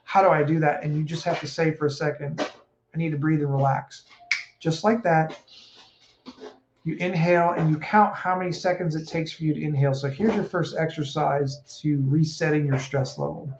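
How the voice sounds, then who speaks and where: Animated man coaching in an echoey room. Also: a little high, moderate pace. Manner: animated, acts out quoted speech. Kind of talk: casual advice talk. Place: home room with a puppy. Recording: echoey room, dull sound, faint noise.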